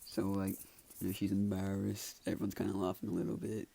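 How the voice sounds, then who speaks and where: Gravelly, low-voiced man rambling through a story. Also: monotone, fairly quick, warm tone. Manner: rambling, full of "like" and restarts. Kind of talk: casual retelling of a fan story.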